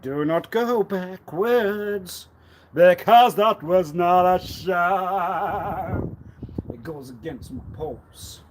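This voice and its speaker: A man rambling on a live stream, repeating himself and swinging suddenly between loud and quiet. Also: sits high, extremely slow, slight background noise. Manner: erratic, repetitive, with sudden swings in loudness. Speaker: livestreamer.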